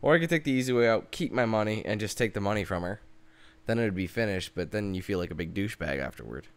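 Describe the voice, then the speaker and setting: A man's voice: lowish voice, animated, clear, resonant tone. Ranting gamer guy. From Canada. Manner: chatty, quick to curse and rant. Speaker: let's play gamer. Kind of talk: casual gameplay commentary.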